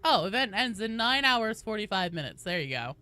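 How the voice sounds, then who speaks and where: Woman streamer, bright and lively, chatty with viewers, voice slightly gravelly. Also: medium pitch, brisk. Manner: chatty, greets viewers one by one. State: voice a bit gravelly from allergies. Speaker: game streamer. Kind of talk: casual live-stream chat.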